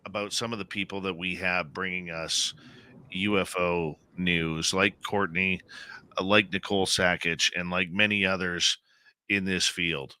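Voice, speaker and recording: A man hosting a radio talk show, speaking earnestly and haltingly with many restarts. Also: low voice, fairly even intonation, bright, forceful tone, clean tone. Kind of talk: casual on-air talk.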